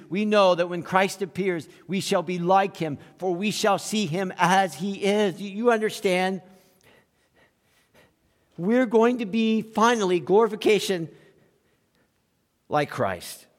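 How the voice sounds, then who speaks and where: A male pastor preaching an animated sermon, acting out quoted voices and chuckling between points. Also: sits high. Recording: long hall reverb.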